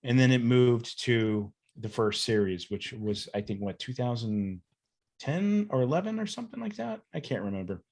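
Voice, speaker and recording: A man's voice: medium pitch, animated, moderate pace, darkish tone. A man chatting as a podcast guest, easygoing and enthusiastic, rambling a little. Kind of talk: casual podcast chat.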